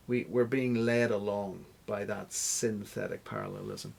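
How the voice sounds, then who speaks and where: A man's voice: on the low side, huge pitch swings, unhurried, gravelly, few pauses, darkish tone. A man answering interview questions as a guest scholar, explaining step by step like a teacher. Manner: teacherly, stops to spell out examples.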